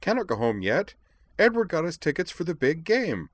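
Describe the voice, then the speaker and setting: A man doing a loud, eager young fan. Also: on the high side, sing-song, fairly quick, dry recording, pitched above the performer's own voice. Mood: excited. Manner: eager, insistent, speaks of himself in third person.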